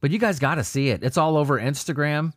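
A podcast host reads news articles alone on his show and rants about them, swearing constantly and stumbling into restarts. His voice is on the high side and quick, in clean studio sound with no room sound.

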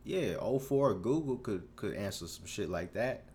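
A man in his twenties hosting a solo podcast, rambling through a story in a casual, profane, animated way, full of restarts. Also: fairly low pitch, moderate pace. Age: 20s. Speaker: podcast host.

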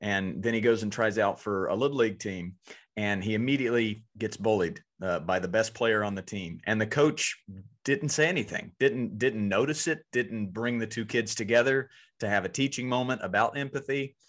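A man's voice: fairly low pitch, moderate pace, a bit bright. A man hosting a podcast and coaching youth baseball, talking earnestly and often repeating words as he goes. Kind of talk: casual podcast conversation.

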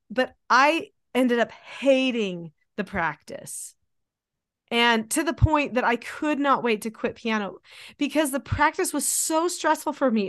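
A woman in her forties talks casually as a host and mother. Her voice sits a little high, and she speaks in a chatty, animated way. The recording is close and completely dry, with no room sound. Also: dry recording. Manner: chatty, animated, acts out quotes. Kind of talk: casual conversation.

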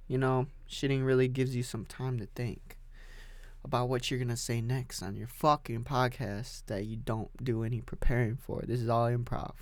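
A man holds forth alone on his podcast, rambling from one thought to the next with no script. His voice sits in an ordinary middle range, and he curses freely and bursts out loudly now and then. The sound is dry, with no room echo. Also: medium pitch. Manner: crude, profane, rambling, with loud sudden outbursts. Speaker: podcast host. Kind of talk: unscripted solo podcast rant.

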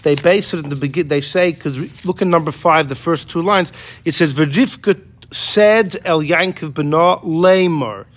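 Animated male Torah teacher, mid-high voice, casual classroom delivery, acts out quotes. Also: moderate pace. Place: classroom with students.

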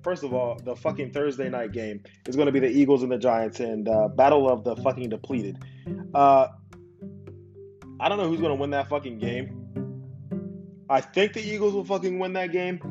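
Profane, heated young man, lo-fi. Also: mid-range voice. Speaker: podcast host. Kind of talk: ranting football podcast. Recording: dull lo-fi recording.

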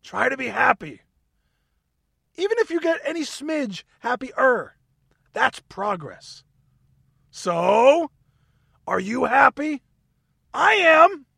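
A bubbly, giggly male podcast host who talks in a high, lively voice that jumps around a lot. His tone is bright and he is recorded close in a dry, dead-sounding space. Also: slow, gravelly, long pauses, breathy edge, no room sound. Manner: bubbly, giggly, playfully over the top. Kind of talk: upbeat talk show chat.

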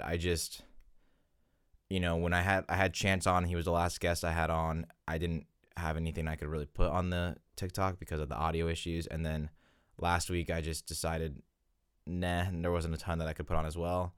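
Low-voiced, smooth young man podcasting. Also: a bit bright, dry recording, studio quality. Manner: rambling, self-correcting, chatty. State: out of breath. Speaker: podcast host. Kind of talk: casual solo podcast chat.

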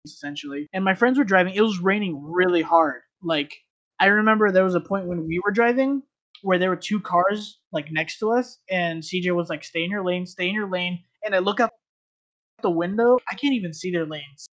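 A man's voice: sits high, normal speed, a bit bright. A man telling a long story in casual podcast chat, rambling with lots of fillers and restarts.

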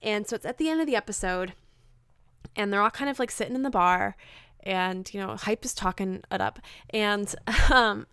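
A woman's voice: mid-range voice, moderate pace, fairly bright tone, clean tone, no room sound, clean studio sound. A woman co-hosting a podcast, chatting casually with lots of ums and trailing sentences. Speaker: podcast co-host. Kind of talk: casual chat.

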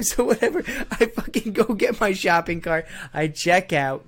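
A man, father of a toddler, telling a profane comic story with animated delivery, often laughing as he goes. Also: high voice, moderate pace. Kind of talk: comedic storytelling.

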